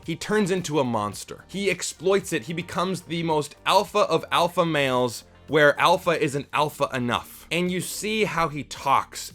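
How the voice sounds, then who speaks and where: A man's voice: mid-range voice, a bit bright. A young man reviewing a movie for his channel, talking straight to viewers in an enthusiastic, emphatic way. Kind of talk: casual movie review to camera.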